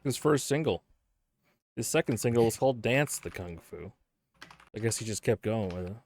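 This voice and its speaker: A man hosting a casual podcast chat, relaxed, laughing often and trailing off mid-thought. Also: lowish voice, normal speed, vocal fry, a little hiss or hum. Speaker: podcast host.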